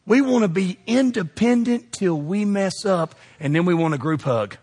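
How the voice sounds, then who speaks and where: A man's voice: sits high, expressive, normal speed, darkish tone. A man preaching a sermon as pastor, emphatic and calling out to his congregation. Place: church sanctuary. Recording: long reverb of a large hall.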